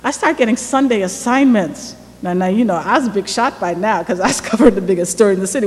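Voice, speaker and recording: A woman giving a lecture about her reporting days. She tells it as a lively story and acts out the dialogue. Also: medium pitch, fast talker, hardly any pauses. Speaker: guest lecturer, former newspaper reporter. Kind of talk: first-person storytelling lecture. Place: lecture hall. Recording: echoey hall with faint background noise.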